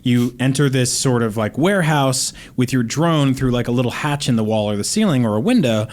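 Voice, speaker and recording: A man co-hosting a casual podcast, excitably telling a story about a game. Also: mid-range voice, a little fast. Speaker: podcast co-host.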